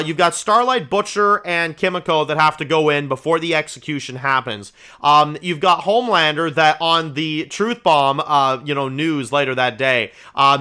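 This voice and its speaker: A man hosting his own review channel, talking through a show in a casual, rambling, excitable way, with lots of swearing and "you know"s. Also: fairly high pitch, clear, resonant tone.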